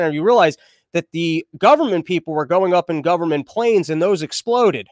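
High-voiced crude comedic podcast host. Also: male voice, fairly quick, dry recording, studio quality. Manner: crude, irreverent and rambling. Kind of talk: comedic news commentary.

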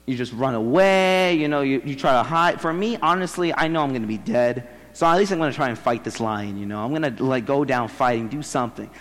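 Young guy preaching, kinda high voice, slangy and animated, long echo from a big hall. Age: young adult. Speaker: seminary student preaching. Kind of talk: casual sermon storytelling.

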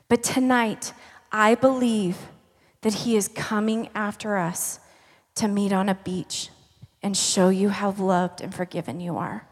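Woman preacher, unhurried, conversational sermon delivery, reverberant hall sound. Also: mid-range voice, fairly even intonation. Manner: emphatic, conversational storytelling. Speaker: pastor.

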